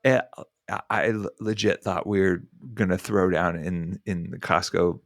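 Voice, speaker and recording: Podcast co-host, young adult man, lively storyteller who acts out quotes, dry close mic. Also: low voice, measured pace, no echo. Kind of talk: animated storytelling in casual chat.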